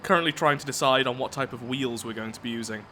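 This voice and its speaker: A man's voice: medium pitch, fast, bright, forceful tone, a little hiss or hum. A man commenting casually on his own gameplay as he builds, thinking aloud in a chatty, self-mocking way. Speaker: let's play gameplay host.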